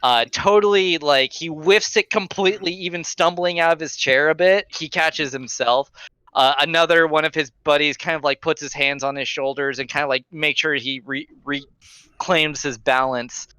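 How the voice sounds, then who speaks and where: A young man narrates a tabletop game as its game master, casual and loose with fillers. His voice is bright and clear, a little higher than most men's, and the mic is close and dry. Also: fairly even intonation, moderate pace, no room sound, poor audio.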